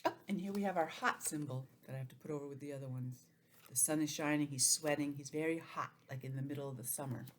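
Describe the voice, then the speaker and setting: A woman with a lowish voice teaches young children over a computer, gentle and sing-song. She acts out feelings with big swoops of expression. A faint room hum sits behind her. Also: fast talker. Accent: New England. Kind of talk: online lesson for young children.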